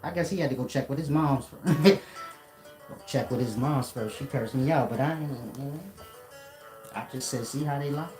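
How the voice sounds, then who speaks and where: Man, casual rant, profane and confrontational, echoey room, soft guitar faintly behind. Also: medium pitch, moderate pace. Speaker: commentator. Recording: roomy echo.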